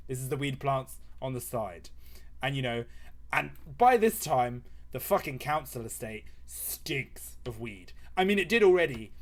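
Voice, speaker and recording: A young man improvising a comic story while drawing, rambling, swearing and laughing. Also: a little high. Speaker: streamer.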